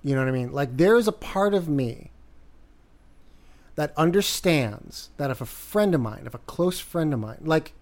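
A man's voice: a little high, animated, moderate pace, a little mellow. A man co-hosting a casual talk podcast, chiming in with agreement and then musing aloud. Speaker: podcast co-host. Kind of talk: casual chat.

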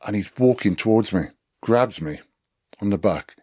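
Welsh ex-rugby player, very low voice, dry close sound, chatty storyteller. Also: male voice, moderate pace, no room sound. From Wales. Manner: lively anecdotes, swearing, laughing. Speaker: podcast guest, former rugby player. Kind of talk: casual storytelling chat.

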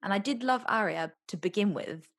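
A woman's voice: medium pitch, lively intonation, normal speed. A woman in casual chat about a TV series, with a nasal voice, laughing often and swearing casually.

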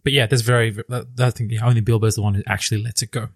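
Fast-talking man, casual chat. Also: fairly low pitch, husky, dry recording, clean studio sound. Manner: fast, animated retelling of scenes. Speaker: podcast co-host. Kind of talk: casual film discussion.

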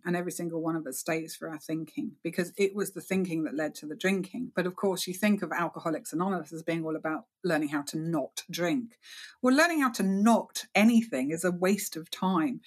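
A middle-aged woman, talking frankly as an interview guest, wry and self-deprecating. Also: on the low side. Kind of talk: candid interview talk.

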